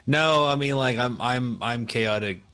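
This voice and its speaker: A man's voice: mid-range voice, measured pace, fairly bright tone, smooth. Joking man playing a tabletop game. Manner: joking, playful. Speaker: player. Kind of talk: casual tabletop game chat. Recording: faint music in the background.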